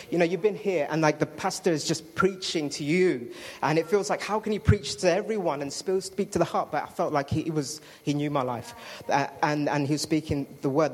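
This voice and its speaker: A man's voice: a little high, slight background noise. Man sharing his faith story. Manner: chatty storytelling with fillers and self-interrupting apologies. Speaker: speaker giving testimony. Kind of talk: personal testimony to a congregation.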